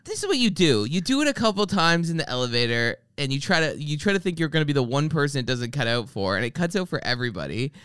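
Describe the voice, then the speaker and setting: Animated man telling rants. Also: on the high side, fast, few pauses, clean tone, no echo, studio quality. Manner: animated storyteller, mimics people in his anecdotes; swears freely, ranting comic tone. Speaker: podcast host. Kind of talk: casual chat.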